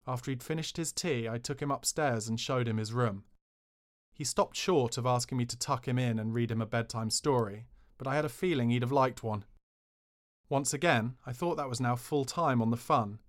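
A man's voice: medium pitch, fairly quick. Cheeky man reading a memoir. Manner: dry, cheeky storytelling. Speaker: podcast narrator.

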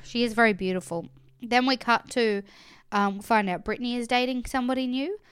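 A woman's voice: fairly high pitch, a little fast, a bit bright, clean tone. A woman co-hosting a casual podcast chat, swearing freely while she retells stories and recaps a show. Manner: chatty, swears freely, storytelling. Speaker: podcast co-host.

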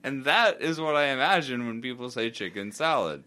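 A man's voice: mid-range voice, lively intonation, moderate pace, sharp tone. A young man co-hosting a podcast, teasing his friend and laughing almost constantly. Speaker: podcast co-host. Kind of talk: casual banter.

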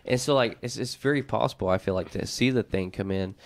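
A man co-hosting a casual chat show, excitable and quick to jump in, laughing and restarting often. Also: lowish voice.

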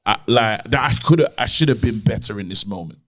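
A man's voice: fairly low pitch, animated, a little fast, a bit bright. A man, co-hosting a casual podcast, teasing the others in laid-back banter. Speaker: podcast co-host. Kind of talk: casual chat.

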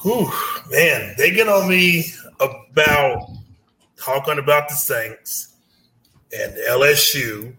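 A man's voice: on the high side, takes it slowly, bright, forceful tone, slight background noise, low-quality recording. A man from Louisiana chatting casually about football as a guest, easygoing and repeating himself. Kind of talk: casual sports chat.

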